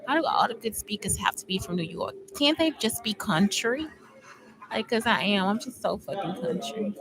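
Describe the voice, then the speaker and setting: A woman's voice: medium pitch, animated, moderate pace, crowd noise, rough recording. A woman hosting a casual podcast, chatting loosely and swearing freely as she talks to her listeners. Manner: rambling, profane, chatty with listeners. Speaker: podcast host. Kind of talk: casual livestream podcast chat.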